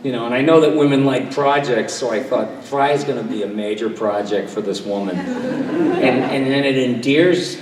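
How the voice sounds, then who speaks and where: A man's voice: mid-range voice, darkish tone, a little hiss or hum. Chatty older man in an echoey hall. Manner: chatty, self-deprecating, jumps into quick impressions. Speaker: convention panel guest. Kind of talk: relaxed storytelling to an audience. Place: convention hall. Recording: distant, echoey hall recording with faint crowd ambience.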